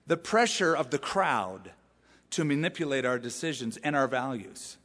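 A man's voice: medium pitch, lively intonation, normal speed, fairly bright tone. A male pastor preaching a sermon in a conversational way, with frequent rhetorical questions to the congregation. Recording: echoey hall reverb.

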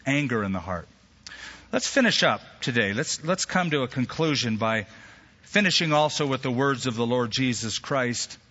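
A man preaching a sermon as pastor, animated, with sudden jumps in pitch and acted-out quotes. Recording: echoey hall, slightly dull sound.

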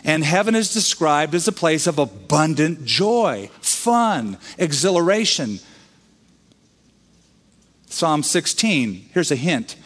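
A man's voice: on the high side, sing-song, slow, fairly bright tone, in a large hall. A man who is a pastor, preaching a sermon in a conversational way, bringing in humorous quoted voices.

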